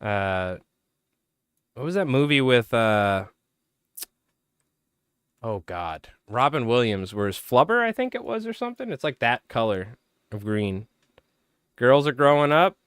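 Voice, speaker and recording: Hoarse man chatting on a livestream. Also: medium pitch, a bit bright, no echo, clean studio sound. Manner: rambling, loose, talks to chat by name. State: strained, tired voice, clearing throat. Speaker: fly-tying livestream host. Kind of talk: casual live-stream chat.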